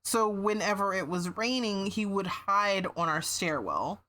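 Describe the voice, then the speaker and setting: A woman's voice: medium pitch, lively intonation, unhurried, bright, forceful tone. A woman streamer in casual livestream chat, meandering with many fillers and restarts, swearing now and then.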